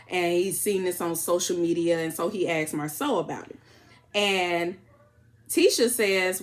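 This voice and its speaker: Animated Chicago woman recapping a show. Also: on the low side, unhurried. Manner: animated retelling, acting out quotes with laughs. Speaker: reality show recap host. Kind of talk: casual recap chat.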